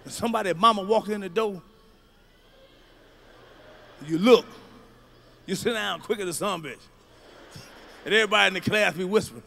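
A male stand-up comedian, delivering a profane routine with shouted punchlines. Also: high voice, moderate pace, gravelly, pauses often.

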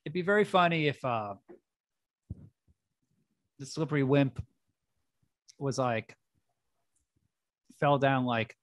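A man's voice: medium pitch, expressive, slow, pauses often, no room sound. A man co-hosting a casual film podcast, spinning absurd comic scenarios. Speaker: podcast co-host. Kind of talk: casual movie-review banter.

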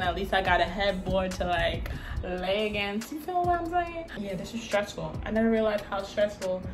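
A young woman vlogging casually while redoing her bedroom, joking and laughing as she talks to the camera. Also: medium pitch. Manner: chatty, joking, laughs often. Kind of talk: casual vlog chat. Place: bedroom being renovated. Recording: roomy echo, distant from camera, music behind.

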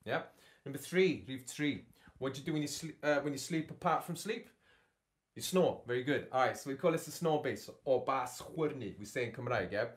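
Running a beatbox workshop from his home studio, a male tutor speaks at a medium pitch, expressively and fairly quickly. He keeps checking in with learners by asking "yeah?" and "okay?".

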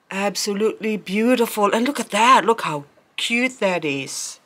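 Excited lady unboxing plants outside, slow unhurried talk, gushes a lot. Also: on the low side. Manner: excitable, gushing, frequent gasps and exclamations. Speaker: plant vlogger. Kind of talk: unboxing vlog. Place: outdoors in sunlight.

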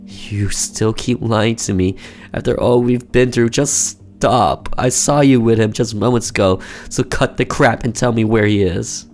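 A man's voice: unhurried, a little mellow, faint music behind, natural voice. A man doing a seething jealous husband. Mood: accusing. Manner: seething, low and menacing. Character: jealous unhinged husband Mike, adult man.

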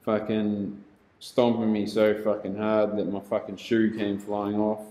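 A young New Zealand man with a New Zealand accent telling a rough story casually, heavy on swearing and laughter, now and then shouting. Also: fairly low pitch, monotone, measured pace, reverberant, rough recording.

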